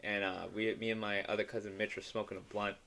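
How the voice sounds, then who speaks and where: A man's voice: lowish voice, level tone, fast talker, bright, forceful tone. Young guy on a podcast, rambling stories, swears a lot, laughs a bunch. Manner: loose storytelling, swearing, laughing often. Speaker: podcast co-host. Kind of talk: casual chat.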